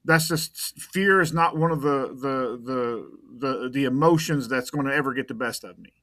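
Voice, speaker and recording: A man's voice: mid-range voice, normal speed, a bit bright, dry recording, studio quality. A man talking casually on a podcast as a private investigator guest, blunt and tough, often repeating words as he goes.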